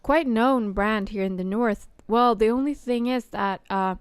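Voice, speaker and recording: Halting, chatty woman, smooth dry voice. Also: on the high side, dry recording. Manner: halting, many fillers and restarts. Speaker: podcast host. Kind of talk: casual chat.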